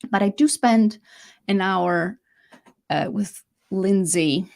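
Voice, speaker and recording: A middle-aged woman gives a live masterclass in a casual, chatty way. She often restarts her sentences and leans on key words for emphasis. Her pitch sits in an ordinary middle range for a woman. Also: slow pace, vocal fry. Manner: chatty, self-correcting, lively emphasis. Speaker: leadership coach hosting a live masterclass.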